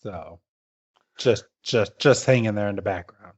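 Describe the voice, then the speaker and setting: A man co-hosting a podcast in casual chat, retelling the plot with halting fillers. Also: lowish voice, slightly rough, dull audio. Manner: rambling, halting, with many fillers. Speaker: podcast co-host.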